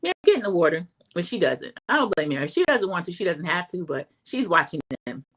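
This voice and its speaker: A middle-aged woman hosting a livestream, casually recapping a reality TV episode and giving her opinions, chatty and animated when she acts out quoted lines. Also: fairly low pitch, fast talker, rough recording. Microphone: home streaming setup.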